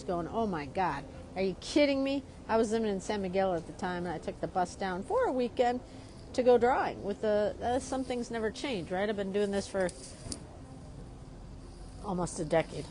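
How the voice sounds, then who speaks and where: A woman from Chicago, a drawing teacher, telling a story in a lively, chatty way while she draws. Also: medium pitch. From Chicago, USA. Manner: lively, keeps asking "right?".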